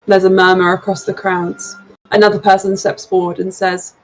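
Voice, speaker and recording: A woman running a tabletop game as game master, narrating scenes in a relaxed, hesitant way with many fillers. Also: medium pitch, moderate pace, low-quality recording.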